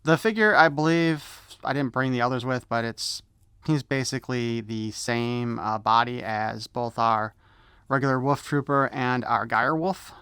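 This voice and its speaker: A man's voice: medium pitch, a little slow, sharp tone, clean tone, dry recording, clean studio sound. A man doing a casual unboxing review of an action figure, rambling and correcting himself as he goes. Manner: rambling, self-correcting, easily sidetracked. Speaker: toy reviewer.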